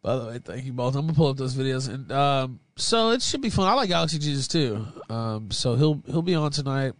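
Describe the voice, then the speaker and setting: A man with a Southern US accent hosting a casual livestream as moderator, rambling and chuckling often as his volume swings from loud to low. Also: animated, fairly quick, dry recording.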